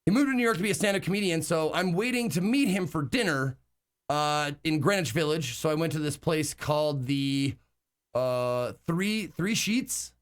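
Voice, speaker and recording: A man's voice: a little high, expressive, moderate pace. A man telling travel stories during a casual live stream, rambling with lots of fillers and casual swearing. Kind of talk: casual storytelling chat.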